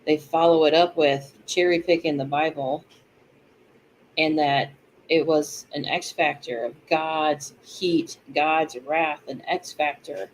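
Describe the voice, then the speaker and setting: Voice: medium pitch, rough recording. Chatty podcast co-host, faint hiss. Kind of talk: casual chat.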